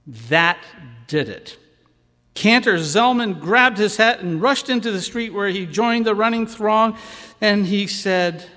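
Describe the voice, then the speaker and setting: A man preaching a sermon, telling a story in a slow and expressive way. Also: on the high side. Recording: long hall reverb.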